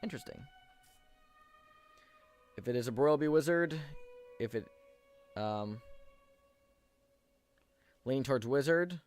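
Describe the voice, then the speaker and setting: A man's voice: mid-range voice, expressive, takes it slowly, long pauses, soft background music. A man hosting a casual let's-play, chatting to viewers with many stumbling restarts and reading game text aloud. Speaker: gaming video host.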